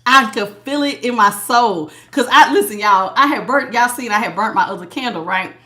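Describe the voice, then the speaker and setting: A middle-aged woman giving a casual tarot reading to her viewers, animated and laughing, calling them honey and baby. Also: fairly high pitch, moderate pace. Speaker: tarot reader.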